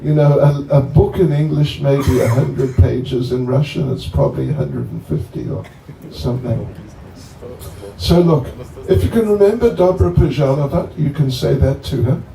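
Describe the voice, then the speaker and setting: A man's voice: medium pitch, big pitch swings, creaky, warm tone. A man giving a chatty, joking talk that introduces a guest to devotees at a bonfire gathering. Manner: joking, chatty, slow and rambling. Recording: echoey, distant, faint ambient noise.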